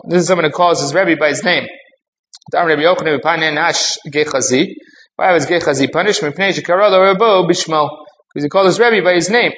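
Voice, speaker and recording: A man's voice: fairly high pitch, a bit bright. A man giving a Talmud class, explaining step by step, mixing in Hebrew and Aramaic terms and often asking "right?". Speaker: rabbi teaching Talmud. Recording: roomy, dull audio with faint ambient noise.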